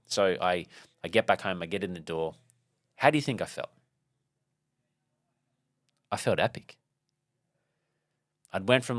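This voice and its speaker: A man's voice: low-pitched, fairly bright tone, no echo, clean studio sound. A man hosting a podcast, telling a motivational story in a rambling, casual way with many fillers and restarts. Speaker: podcast host.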